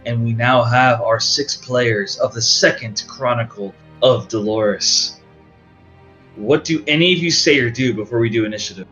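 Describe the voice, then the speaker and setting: A man's voice: medium pitch, normal speed, sharp tone. A man narrating a tabletop game as game master, in a casual, rambling way. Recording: dull lo-fi audio with faint music.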